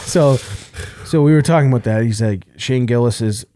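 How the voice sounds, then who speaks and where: A man's voice: medium pitch, moderate pace, dark tone. A man hosting a podcast in casual chat, laughing often and joking crudely.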